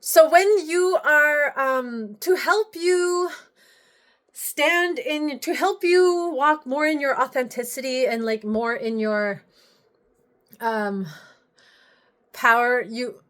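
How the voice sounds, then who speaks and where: A woman's voice: sits high, takes it slowly, pauses often, a bit bright. A woman vlogger giving a casual spiritual check-in, rambling with frequent restarts and casual swearing.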